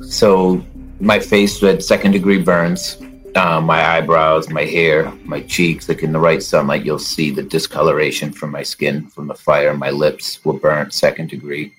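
A man's voice: very deep voice, level tone, a little slow, a bit bright, soft background music, low-quality recording. A man speaking as an interview guest, telling a first-person story in a plain, casual way and acting out the dialogue he quotes.

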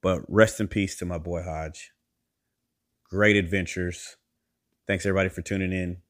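Guy with a lowish voice telling a story on his podcast, animated, jumps way up in pitch when he acts out other people. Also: normal speed. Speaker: podcast host. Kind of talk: casual storytelling monologue.

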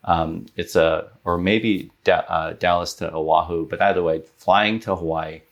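A man in his thirties, a podcast guest telling a personal story in an earnest, animated way, with many fillers like "like". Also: deep voice, unhurried. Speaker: guest, business owner.

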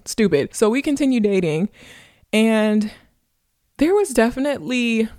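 A woman's voice: mid-range voice, darkish tone, no echo, clean studio sound. A young woman hosting a show, telling a personal story in a candid, emphatic way and repeating points for stress. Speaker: podcast host. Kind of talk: casual storytelling monologue.

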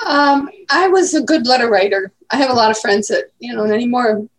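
A woman's voice: on the high side, brisk. A woman in her eighties, chatting casually as an interview guest and telling rambling stories. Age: 80s. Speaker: guest grandmother.

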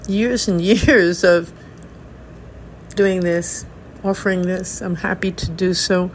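An older woman, a Zen teacher hosting her own podcast, giving a reflective talk in a gentle, unhurried way with soft laughs. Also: on the low side, fairly even intonation, a little hiss or hum, poor audio.

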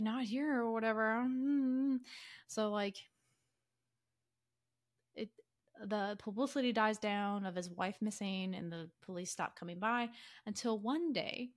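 A woman podcast co-host casually retelling a story, animated and full of fillers, acting out characters' lines in quick quoted voices. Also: mid-range voice. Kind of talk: casual chatty story summary.

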